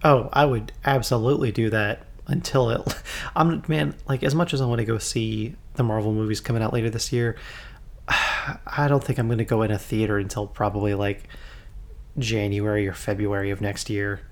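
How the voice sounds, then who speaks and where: A young man in casual podcast conversation, relaxed and agreeable, laughing easily. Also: fairly low pitch, normal speed. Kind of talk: casual chat.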